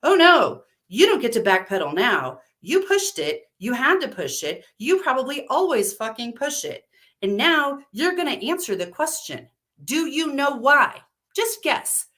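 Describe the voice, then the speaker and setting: A woman's voice: mid-range voice, expressive, measured pace, hardly any pauses, pushed and bright, voice pushed up. A woman voicing a frazzled woman who is cracking up, angry and close to tears, speaking with raised, strained force. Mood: furious. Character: frazzled middle-aged woman cracking up, furious and tearful.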